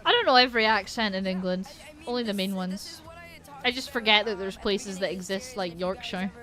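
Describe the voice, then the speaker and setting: A woman's voice: mid-range voice, normal speed, bright, forceful tone, soft background music. Polish-accented woman streamer, chatty. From Poland. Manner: chatty, swears casually, frequent restarts. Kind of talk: casual chat while gaming on stream.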